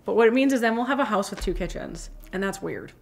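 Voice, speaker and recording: A woman's voice: mid-range voice, expressive, quick pace, vocal fry. A woman co-hosting a casual livestream, chatty and laughing often as she reads out viewer questions. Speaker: co-host, lawyer. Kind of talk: casual chat.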